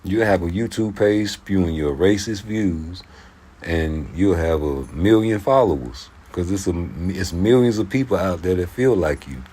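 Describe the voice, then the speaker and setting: Deep-voiced man ranting profanely. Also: measured pace, slightly rough. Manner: profane, streetwise, animated storytelling. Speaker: YouTube commentary host. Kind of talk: casual solo rant.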